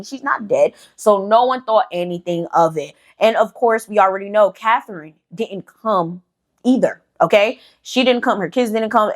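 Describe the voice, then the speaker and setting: A young woman hosting a casual storytelling vlog, chatty, swearing freely and leaning on fillers like "you know". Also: medium pitch. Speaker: storytime channel host.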